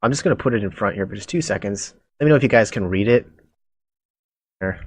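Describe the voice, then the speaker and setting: A man's voice: fairly low pitch, fast, breathy edge, no echo. Male game master, casual and chuckling, dry close mic. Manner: relaxed, laughing, filler-heavy. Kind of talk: running a tabletop game online.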